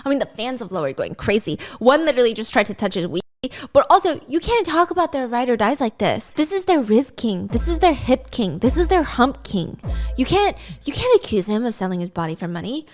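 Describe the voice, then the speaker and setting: Brief: female host, slightly higher voice, playful comedic storyteller with giggly asides. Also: very animated, a little fast. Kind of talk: comedic true crime storytelling.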